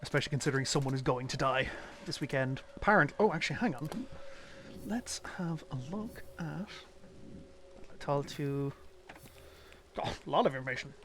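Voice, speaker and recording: A man's voice: fairly high pitch, lively intonation, normal speed, long pauses, a bit bright, a little hiss or hum. A man streaming a detective game, casually thinking aloud and muttering through clues. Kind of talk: casual live-stream commentary.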